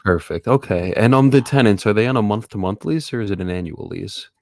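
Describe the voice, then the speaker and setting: Polite low-voiced man negotiating a deal. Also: lively intonation, vocal fry, a little mellow, no echo. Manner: polite, brisk, asks follow-up questions. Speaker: real estate investor making offers. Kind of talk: live-streamed phone negotiation.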